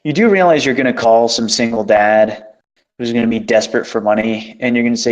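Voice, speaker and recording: A man's voice: medium pitch, a little fast. A man hosting a casual chat, telling an exasperated, profane story. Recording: dull lo-fi recording.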